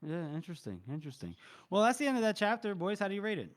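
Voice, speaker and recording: A young man hosting a podcast, casually retelling a book chapter with relaxed swearing. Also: high voice, rapid-fire. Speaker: podcast host.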